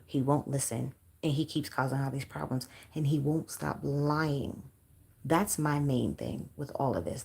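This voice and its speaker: Livestream host, woman, low voice, blunt and profane, on the verge of tears. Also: creaky, dark tone, slightly rough. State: close to crying. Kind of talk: emotional livestream chat with viewers.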